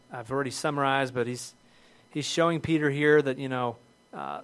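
A middle-aged man preaching a sermon as pastor, earnest and conversational, building to emphatic points. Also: fairly high pitch.

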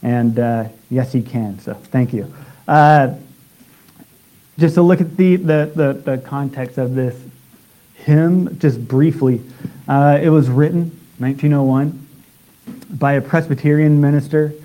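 A man preaching a sermon in a halting way, with many restarts and filler sounds. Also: mid-range voice, mellow, poor audio.

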